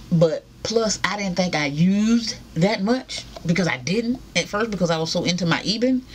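A woman's voice: low-pitched, a little hiss or hum. A woman chatting casually to camera at home, calling her viewers y'all. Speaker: vlogger. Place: room at home with ceiling fan.

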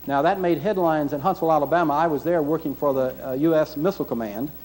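Middle-aged guy lecturing, kinda high voice but mellow, stresses words, lots of uh. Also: fast, rough recording. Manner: earnest, emphatic, with frequent uh fillers and restarts. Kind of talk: presentation.

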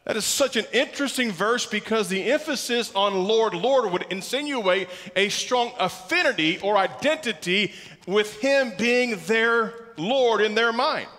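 A pastor preaches a sermon in a church sanctuary, his high male voice unhurried and sharp in tone. He is emphatic, repeats key words, and puts questions to the congregation. The recording carries the reverb of a church hall.

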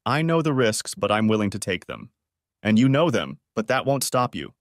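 A cold, scheming woman, as a male narrator puts her on, speaks with cutting mockery and a lively, swooping pitch. Her voice sits noticeably higher and sounds close and dry. She is a figure in a spoken audiobook story. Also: moderate pace, no room sound. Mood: defiant.

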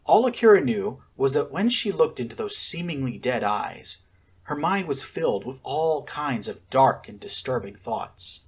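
A man narrating a fan-fiction story as an expressive audiobook reader. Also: medium pitch, husky.

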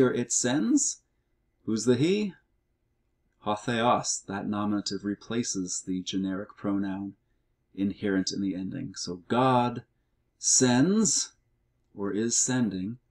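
A middle-aged man explaining grammar in a recorded language lesson walkthrough, reading words out slowly and methodically. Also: mid-range voice, darkish tone. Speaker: Greek teacher.

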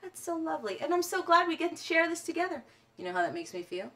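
A woman musician talking gently to children at home, encouraging them to join in and often dropping to a whisper. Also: very high voice, very animated, fast. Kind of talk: gentle sing-along talk to children.

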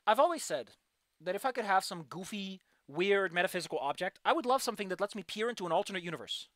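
Woman streamer, fast and excitable, frustrated game critique, dry close mic. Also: mid-range voice, dry recording. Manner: animated, excitable outbursts. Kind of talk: casual livestream commentary.

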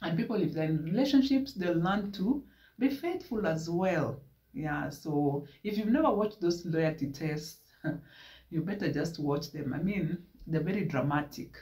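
A man's voice: a little high, measured pace. A man with a Kenyan accent telling a story casually in a vlog, slipping in Swahili words as he goes. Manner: animated retelling with Swahili asides. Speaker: vlogger. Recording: echoey room from a distance.

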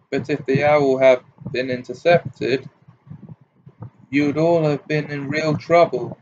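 A man reading the part of a wry, protective grown man in an audiobook, with a dry, brisk, amused delivery. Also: fairly high pitch, darkish tone, dull audio, a little hiss or hum.

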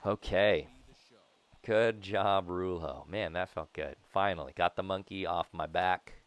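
A young man with a low, slightly slow voice commentates a video game he's playing in a casual gameplay video. He rambles, jokes, and talks directly to viewers, bursting into loud shouts at big plays.

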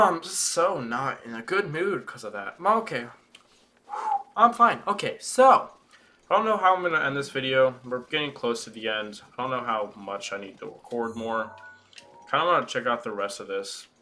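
A man's voice: mid-range voice, pushed and bright. A young man giving casual let's-play commentary as a gaming YouTuber, swearing and ranting in exasperation at the game.

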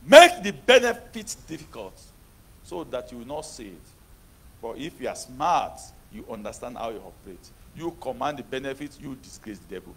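A man preaching a sermon who moves between hushed talk and shouted, repetitive prayer declarations. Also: high-pitched, gravelly, slightly rough.

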